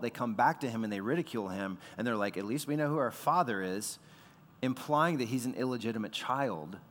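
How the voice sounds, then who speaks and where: A man's voice: mid-range voice, in a large hall. A man preaching a sermon as pastor, in a conversational way that acts out the voices of the people he quotes.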